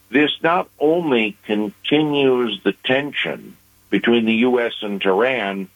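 Slow, measured man on a phone line. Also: medium pitch, dry recording. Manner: measured, deliberate delivery with emphatic pauses. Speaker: foreign affairs commentator. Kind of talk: analytical news commentary. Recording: phone-line radio audio.

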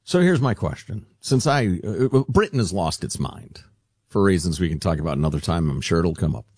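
A man's voice: low-pitched, expressive, a little fast, a little mellow, breathy edge, dry recording. A man co-hosting a radio talk show, joking and self-mocking in casual banter on a studio mic. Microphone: studio microphone.

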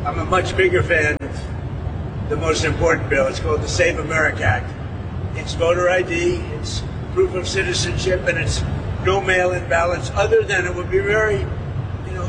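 A man's voice: sits high, in a large hall. Male press remarks, rambling and emphatic, distant mic, heavy engine noise. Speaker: politician speaking to press. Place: outdoors beside a plane. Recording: distant outdoor clip with loud engine noise.

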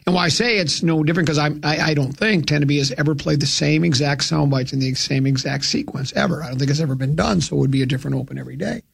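A man's voice: fairly high pitch, fast talker, gravelly, few pauses. A man hosting a radio talk show, chatting casually and rambling with many restarts.

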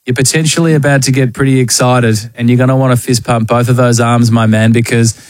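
A man with an Australian accent hosting a radio show, energetic and jokey, full of slang. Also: medium pitch, brisk, no room sound. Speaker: radio host. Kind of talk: breakfast radio banter. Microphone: studio microphone.

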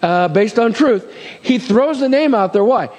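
A man preaches with a notably high voice, folding casual asides into his sermon and checking in with "amen?". His words ring out with the long reverb of a large hall. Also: lively intonation, a little slow, a little mellow. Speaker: pastor.

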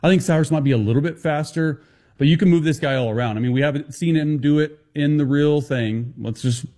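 Fast-talking male football analyst. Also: a little high, mellow. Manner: fast, confident and emphatic with quick restarts. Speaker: former player and football analyst guest. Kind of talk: sports talk show interview.

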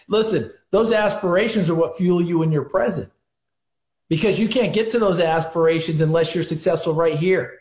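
A man's voice: high-pitched, moderate pace, darkish tone, reverberant. A man speaking as a football analyst guest on a sports radio show, telling stories in an emphatic way. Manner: storytelling, emphatic.

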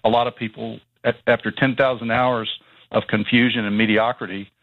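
A man's voice: mid-range voice, little pitch movement, fairly quick, no room sound. A man speaking as a guest on a radio call-in show, explaining his ideas earnestly. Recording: tinny phone line.

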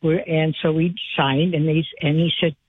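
A woman's voice: low-pitched, level tone, normal speed, husky. Older woman telling a story over the phone. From Wisconsin. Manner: chatty storyteller, acts out quotes. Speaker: caller. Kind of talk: telling a story on a call-in show. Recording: phone line.

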